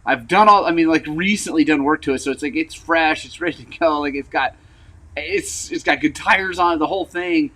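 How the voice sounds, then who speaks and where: A man hosting a motorcycle channel in casual rambling vlog chat, frank and frustrated, with lots of fillers and throat clearing, recovering from an injury. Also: a little high, fairly quick, sharp tone, low-quality recording. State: recovering from injury, wearing a brace.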